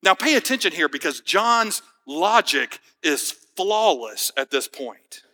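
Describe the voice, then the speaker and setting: A man's voice: sits high, very animated, unhurried, bright, forceful tone. A man preaching a sermon as pastor, earnest and emphatic, asking the congregation pointed questions. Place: church sanctuary. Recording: hall reverb.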